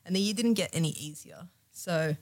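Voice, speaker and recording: A woman's voice: lowish voice, brisk. A young woman from Australia telling a personal story as a podcast guest, candid and emotional, with many fillers.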